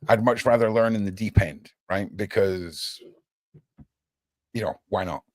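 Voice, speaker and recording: A man hosting a casual livestream chat, animated and talkative, often checking in with "right?". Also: fairly low pitch, measured pace, no echo. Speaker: podcast host.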